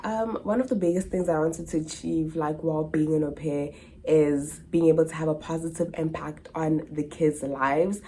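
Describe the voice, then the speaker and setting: A woman's voice: low voice, steady tone, moderate pace, mellow, a little hiss or hum. A young South African woman in her twenties, an au pair answering viewer questions in a casual vlog, chatty and full of "like" and "literally". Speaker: au pair vlogger.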